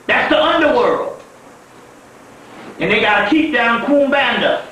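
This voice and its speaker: A man giving a spiritual lecture, telling stories in a profane, animated way. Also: very high-pitched, normal speed. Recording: echoey room heard from far off.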